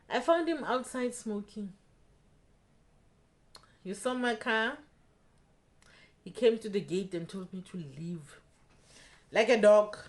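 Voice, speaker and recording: A young woman telling a personal story in a casual storytime vlog, acting out the dialogue as she goes. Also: medium pitch. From South Africa. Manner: animated retelling, acting out quoted dialogue.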